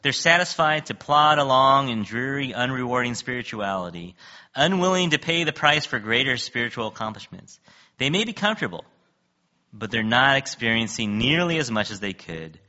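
Bright-voiced, lively male preacher. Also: moderate pace, dull audio. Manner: conversational, joking, laughs often; acts out biblical dialogue with big pitch swings. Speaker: pastor. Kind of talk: sermon.

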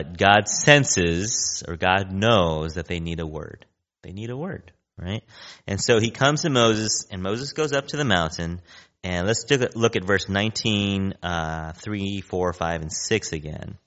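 A man's voice: low voice, a bit bright, dull audio. A male pastor preaching a sermon in a conversational way, often checking in with listeners by asking "right?".

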